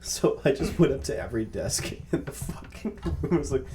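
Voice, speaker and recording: Young man, lively swooping pitch, playful storyteller, bursts of loud laughter, casual podcast chat. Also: normal speed, soft background music. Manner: animated, playful. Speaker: podcast co-host.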